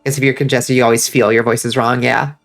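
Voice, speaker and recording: A man with a congested, stuffy voice giving casual, excitable commentary while playing a game and reading chat. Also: mid-range voice, fast talker, vocal fry, faint music behind. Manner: excitable, swears freely, reads out chat. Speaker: streamer.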